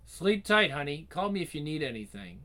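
A man voicing a caring middle-aged mother who speaks gently. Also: on the high side, expressive, normal speed.

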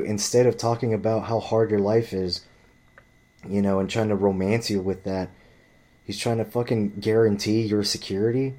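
A man's voice: lowish voice, a little mellow. A man telling a story in a ranting vlog monologue, blunt and profane, often rambling and restarting his sentences. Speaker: vlogger.

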